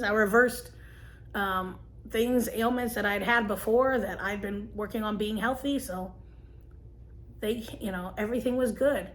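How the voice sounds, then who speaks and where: A woman, telling a personal story and giving gentle, earnest advice to camera as a vlogger. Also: medium pitch, unhurried. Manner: earnest, gentle, emotional at times.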